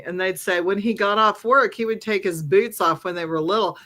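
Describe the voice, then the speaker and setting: Bright, blunt-talking woman storyteller. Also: medium pitch, normal speed. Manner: blunt and profane, laughs often. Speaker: psychic medium, podcast guest. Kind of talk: casual storytelling.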